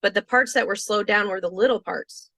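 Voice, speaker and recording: A young woman speaks with a bright, tense edge in an earnest, halting way. She pauses and restarts as she quotes her own thoughts. The recording is dry and close, with no room sound. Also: medium pitch, no echo. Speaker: podcast guest telling her near-death experience. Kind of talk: personal storytelling interview.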